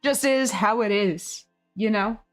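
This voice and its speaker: A hoarse woman streamer chatting casually with her viewers, rambling, laughing often and swearing freely. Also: medium pitch, slow, soft background music. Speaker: game streamer. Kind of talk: casual chat with viewers while building.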